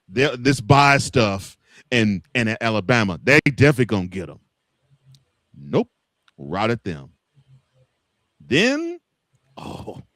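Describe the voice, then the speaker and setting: A man co-hosting a casual college football chat, teasing his partner and laughing loudly. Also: mid-range voice, no echo, clean studio sound. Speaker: co-host.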